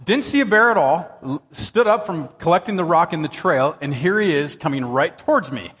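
A male pastor with a high voice that swoops all over the place as he tells his story. He is animated and excitable in his telling. His words ring out with a long reverb across a church hall. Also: fairly quick. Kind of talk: sermon with personal storytelling.

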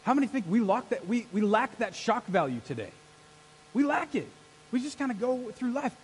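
High-voiced energetic male pastor. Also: normal speed, slight background noise, rough recording. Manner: energetic, rallies the congregation with call-and-response. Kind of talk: sermon. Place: church sanctuary.

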